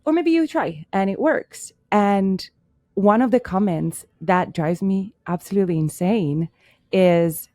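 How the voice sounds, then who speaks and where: A woman from Italy whose English carries a Canadian lilt, chatting candidly with plenty of "like" fillers. Her voice sits at an ordinary middle pitch. The sound is close and dry, with little room to it. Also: unhurried, mellow, dry recording. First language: Italian. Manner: candid, uses many "like" fillers. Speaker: podcast guest, marketer. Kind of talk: casual chat.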